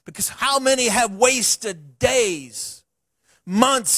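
High-voiced folksy preacher man. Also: a little slow, no room sound, clean studio sound. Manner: folksy, animated preaching with asides. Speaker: pastor. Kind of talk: sermon. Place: church sanctuary.

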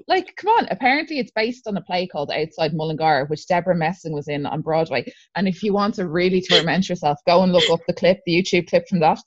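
Sardonic Irish woman with a lower voice. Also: dry recording. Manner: animated, sardonic ranting. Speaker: guest activist. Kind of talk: casual podcast chat. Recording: dull lo-fi sound.

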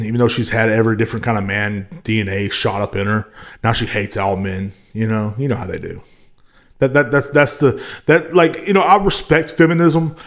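A young man hosting his own podcast, ranting in a crude, rambling and profane way. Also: medium pitch. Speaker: podcast host. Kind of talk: casual rant.

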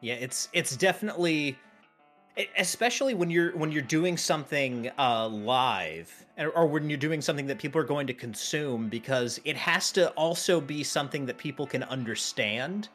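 A man's voice: fairly high pitch, animated, normal speed, fairly bright tone, faint music behind. A man hosting a podcast in casual chat, talking with frequent restarts and fillers. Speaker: podcast host.

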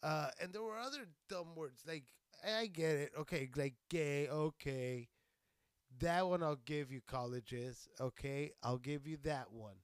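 A man from near El Paso, Texas, in a profane, rambling comic monologue, crude and animated. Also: on the high side, measured pace, clear, resonant tone, dry recording. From Socorro, Texas, near El Paso. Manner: rambling, crude and animated, laughing at his own jokes. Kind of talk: profane stand-up style monologue.

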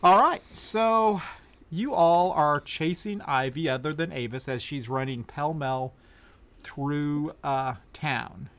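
A man's voice: a little high, slow pace, fairly bright tone. A man running a tabletop game as game master, narrating easily and thinking aloud. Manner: easygoing, thinks aloud with fillers.

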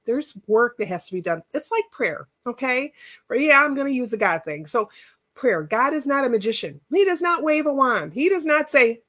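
A middle-aged woman with a fairly high voice talks through a casual workshop as a life coach. She tells personal stories in a loose, chatty way and drifts into side remarks. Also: big pitch swings, normal speed, fairly bright tone. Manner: chatty, personal storytelling with rambling asides.

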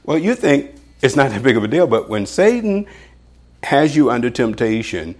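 A male preacher delivering a sermon in a middle-pitched voice that swings widely up and down. He laughs between points and slows into a measured cadence when he reads scripture aloud. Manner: animated, pitch jumps for emphasis, chuckles often.

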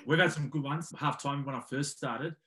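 A man, a former player casually telling an animated story with the odd swear word. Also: medium pitch, normal speed.

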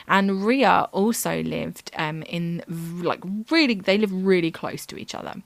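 A woman's voice: lowish voice, a little slow, vocal fry, dry recording. A woman co-hosting a true-crime podcast, telling the story in a casual, chatty way with lots of fillers. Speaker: podcast co-host.

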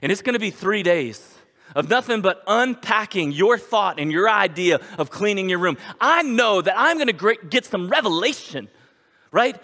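A man's voice: sits high, pushed and bright, big-room sound, voice pushed up, exaggerated voice. A man doing an eager, evasive teenage daughter. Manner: eager, self-justifying rambling. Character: earnest evasive teenage daughter, all talk no action.

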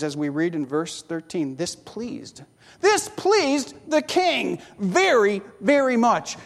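A preacher delivering a sermon, telling a story with rhetorical questions and wry asides. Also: mid-range voice. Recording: long hall reverb.

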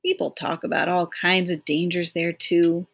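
A woman's voice: fairly low pitch, level tone, moderate pace. A woman reading an audiobook voices a confident adult man who brushes off danger and speaks with dismissive certainty. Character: brisk, self-assured adult man planning a journey.

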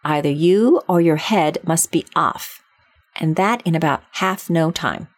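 Brief: tyrannical shouting queen, put on by a woman reader, fierce and commanding. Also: sits low, measured pace, dry recording. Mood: furious.

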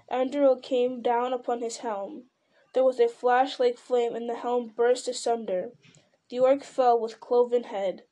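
A woman's voice: fairly high pitch, warm tone. A woman reading a fantasy novel aloud in dramatic storytelling style, with occasional slips and restarts. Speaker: reader.

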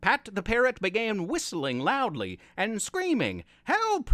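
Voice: medium pitch, measured pace, dry recording. A storyteller host reading a playful scripted children's story aloud. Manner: playful, expressive read-aloud.

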